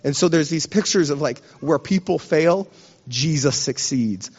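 A man's voice: on the high side, a little slow, a little mellow, husky, in a large hall. Passionate man preaching, muffled sound. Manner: passionate, emotional, trying not to cry. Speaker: pastor. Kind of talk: sermon.

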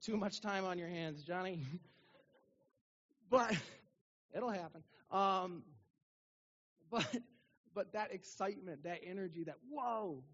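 A young adult male pastor giving a casual, animated sermon in a church, asking the congregation rhetorical questions. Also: a little high, breathy edge, highs cut off. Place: church sanctuary.

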